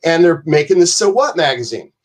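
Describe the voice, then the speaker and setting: A man's voice: fairly high pitch, sing-song, brisk, breathy edge. A man telling rambling, profane stories as a podcast guest, acting out other people's voices as he goes. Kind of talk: casual storytelling on a podcast.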